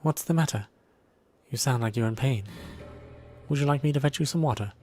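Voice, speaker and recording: A man voicing a calm, soothing woman. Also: medium pitch, faint music behind, lightly acted. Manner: measured, gentle and reassuring. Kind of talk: fan voice dub of a visual novel.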